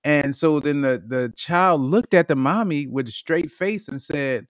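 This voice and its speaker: A man hosting a podcast, talking casually and announcing the episode topic with animated, drawn-out hype. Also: a little high, no echo, clean studio sound. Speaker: podcast host.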